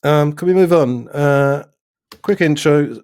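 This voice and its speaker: A man's voice: fairly high pitch, takes it slowly, darkish tone, clear, resonant tone, no echo, studio quality. A man hosting a podcast, casually talking through a film in a musing, slightly hesitant way. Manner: leads the talk, musing and a bit hesitant. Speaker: podcast host.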